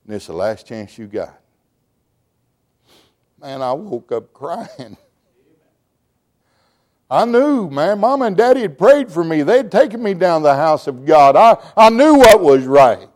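A middle-aged man, preaching a sermon and telling his testimony with emotion, shouting at times and stammering as he restarts words. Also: sits high, sing-song, measured pace.

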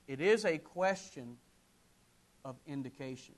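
A man preaching a sermon, swinging from loud ringing calls to hushed low murmurs, with drawn-out emphatic repetition. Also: expressive. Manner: slow, drawn-out emphatic delivery with repeated phrases.

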